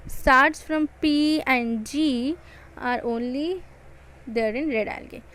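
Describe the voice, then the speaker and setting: Indian english lady teaching biology, high voice, keeps repeating the important bits. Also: slow, a bit bright, poor audio. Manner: repeats key points with emphasis, stressing words. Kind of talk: exam-prep lecture.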